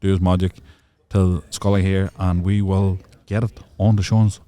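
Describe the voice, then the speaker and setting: A young adult man, co-hosting a casual podcast and telling stories in an animated way. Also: sits low, moderate pace, clear, resonant tone. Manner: animated storyteller, swearing and laughing. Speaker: podcast co-host. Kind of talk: casual chat.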